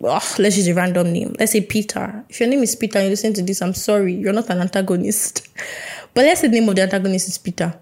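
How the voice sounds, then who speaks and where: A woman's voice: medium pitch, fairly even intonation, fast talker, a little mellow. A young woman hosting a podcast, talking in a chatty, playful way and acting out little conversations. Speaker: podcast host. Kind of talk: casual solo podcast chat.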